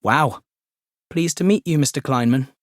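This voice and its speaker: A man's voice: mid-range voice, unhurried, no echo, studio quality, close to an everyday voice. Man reading a courteous, slightly unsure young Englishman, audiobook. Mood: polite. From England. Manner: polite, apologetic. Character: polite young Englishman new in town.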